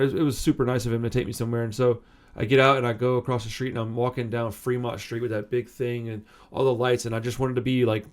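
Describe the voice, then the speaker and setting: Speaking in a mid-range voice, a man in his thirties who hosts a punk music channel shares a personal tale. He rambles, breaks off mid-thought, and curses in an offhand way.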